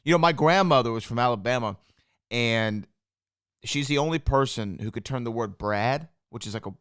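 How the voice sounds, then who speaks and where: This Southern-accented podcast co-host talks at normal speed with a medium-pitched, clean tone. His casual chat is loose and full of fillers, recorded in a clean studio without room sound.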